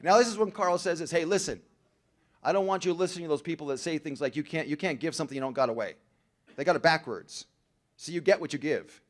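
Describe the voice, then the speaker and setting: A young man speaking to a recovery meeting, telling his story in a slangy, animated way and acting out other people's lines. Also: fairly high pitch, fast talker. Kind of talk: storytelling speech to a crowd. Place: convention hall.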